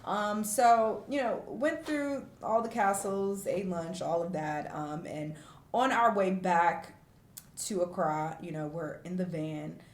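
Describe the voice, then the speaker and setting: A woman from the United States talking frankly and reflectively to camera in a vlog, with fillers and emotional pauses, tearful at times. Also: fairly low pitch, echoey room. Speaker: vlogger.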